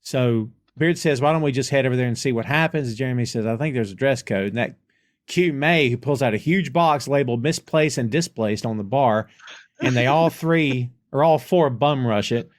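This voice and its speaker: A man's voice: mid-range voice, moderate pace. A man co-hosting a casual TV review podcast, recapping the episode's plot from his notes. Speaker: podcast co-host.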